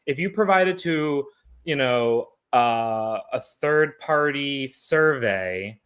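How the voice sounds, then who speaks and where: A man's voice: medium pitch, animated, takes it slowly, a bit bright, smooth. A man on a casual panel show, explaining legal points with a few restarts.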